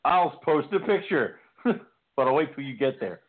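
A man's voice: a little high, animated, measured pace. A man in casual chat who laughs a lot and swears freely while chiming into a story. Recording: tinny phone-like sound.

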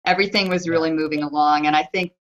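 A woman giving measured, thoughtful opinions in a casual group podcast chat. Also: deep voice, steady tone, a bit bright. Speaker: podcast panelist. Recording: lo-fi with faint noise.

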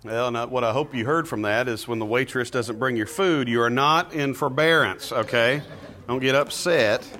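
A man teaching a Bible class in a relaxed, conversational way, asking the class questions with frequent filler words. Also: mid-range voice, normal speed, slight background noise.

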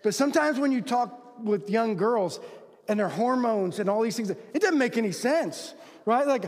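High-voiced man preaching in a reverberant hall. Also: lively intonation, normal speed. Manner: conversational, rhetorical questions to the crowd; acts out quoted voices with big pitch swings. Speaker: pastor. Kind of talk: sermon to men.

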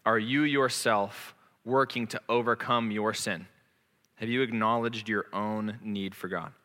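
A man's voice: fairly low pitch, fairly even intonation, unhurried, pushed and bright. A man in his thirties preaching a sermon as a pastor, earnest, candid and self-deprecating. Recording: long echoing reverb of a large hall.

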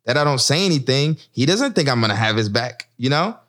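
A former Marine officer speaking in an impassioned discussion, emphatic, with a lively swinging pitch and frequent checks of "right?" and "you know?". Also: male voice, fairly quick.

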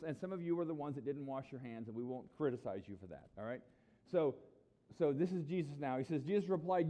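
A man's voice: mid-range voice, quick pace, lo-fi sound. A middle-aged man preaching a sermon as a pastor, talking conversationally and acting out the people he quotes. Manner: conversational, animated, acts out quoted voices.

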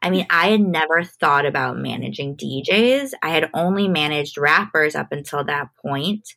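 A woman's voice: sits low, normal speed, creaky, a bit bright. A woman guest on a podcast, an entertainment manager, speaking candidly and thoughtfully with frequent restarts. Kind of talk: casual conversational interview.

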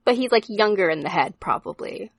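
A woman's voice: mid-range voice, expressive, a little fast, creaky, slightly rough, no echo. A woman co-hosting a podcast, chatting playfully and giggling often. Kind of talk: casual chat.

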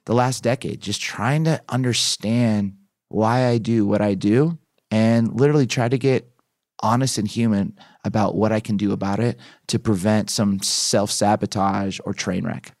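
A man in his thirties, a pastor and author, guesting on a podcast and telling a personal story with lively acted-out bits. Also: on the low side, normal speed, no echo, studio quality. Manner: animated storyteller who acts out his own past lines.

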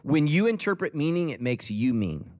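A man's voice: a little high, sing-song, normal speed, darkish tone. A middle-aged man preaching a sermon as a pastor, humorous and conversational.

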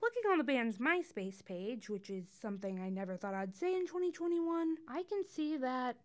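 Lively chatty young woman podcaster. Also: sits high, normal speed. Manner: chatty, tangent-prone, wry asides. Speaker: podcast host. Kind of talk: casual scripted podcast monologue.

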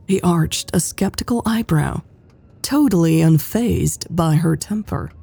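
A woman narrating a romance audiobook in a slow, measured reading. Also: fairly low pitch, creaky, warm tone, slightly rough. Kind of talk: scripted narration.

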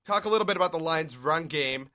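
A young man hosts a casual sports talk show, steering the chat with quick, upbeat recaps of the game. His voice is forceful and bright, sitting a touch high for a man. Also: animated. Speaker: podcast host.

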